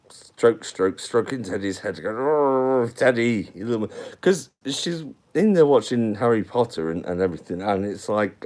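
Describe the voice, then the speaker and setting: A man rambles through a casual live-stream chat. His voice sits very low, and he takes his time, drifting from one thought to the next as he talks to his viewers. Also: a little mellow.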